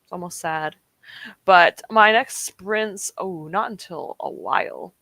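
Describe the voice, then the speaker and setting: Hosting a reading stream from her home desk, a young woman talks casually with viewers, laughs a lot and reacts to the live chat. She takes it slowly, her voice on the low side, creaky yet fairly bright, with no echo.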